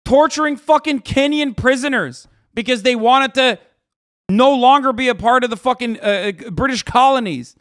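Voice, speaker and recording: A man livestreaming, ranting angrily and profanely at his chat and often shouting. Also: very high voice, moderate pace, no echo, studio quality.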